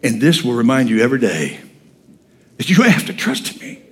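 A man voicing God as a calm, blunt and fatherly figure who speaks in casual slang. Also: medium pitch, a little fast, pitched below the performer's own voice. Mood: firm, calm.

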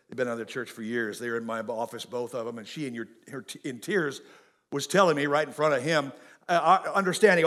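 A middle-aged man preaching a folksy, animated sermon and speaking straight to his congregation. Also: medium pitch. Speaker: pastor.

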